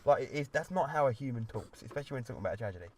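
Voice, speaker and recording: A man's voice: medium pitch, expressive, very fast. A man trading crude, defensive banter with friends as a podcast co-host inside a car. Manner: blunt, defensive and sweary.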